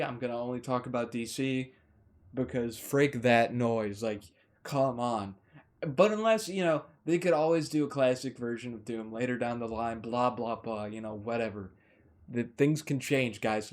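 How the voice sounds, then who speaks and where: An enthusiastic man talks through a film in a loose, unscripted way, tripping over his words and circling back as his excitement builds. His voice sits at an ordinary middle pitch, and he sounds like a casual vlogger chatting from a room at home. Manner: excitable, gushing, rambles with restarts and mild swearing substitutes. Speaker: movie reviewer. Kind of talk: casual rambling review. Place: indoors, warm room.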